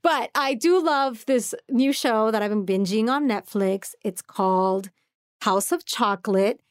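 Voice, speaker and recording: Woman podcast co-host, high-pitched, dry close sound, animated storyteller who laughs a lot. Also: unhurried, smooth, no room sound. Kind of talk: casual chat.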